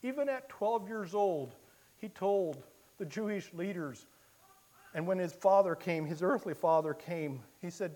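A man preaching a sermon, telling the story in the first person and swinging from hushed, quiet lines to loud, impassioned cries. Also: sits high, animated, unhurried.

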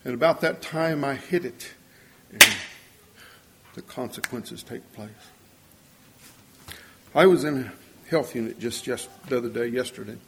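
A man's voice: medium pitch, measured pace, gravelly, pauses often, noisy background. An older man preaching a sermon, earnest and storytelling, acting out the voices of people in his stories.

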